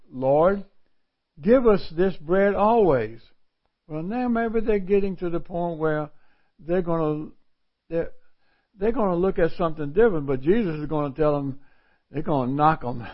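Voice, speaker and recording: A middle-aged man preaching a sermon, reading scripture aloud and explaining it in a folksy way, repeating phrases for emphasis. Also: on the high side. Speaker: pastor. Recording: dull lo-fi recording.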